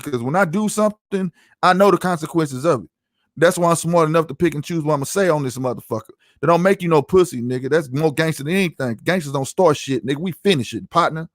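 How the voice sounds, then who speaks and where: A man's voice: on the high side, no echo, clean studio sound. A middle-aged man hosting his own podcast, ranting in a heated, profane, emphatic way to his live chat. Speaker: podcast host. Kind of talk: heated solo livestream rant.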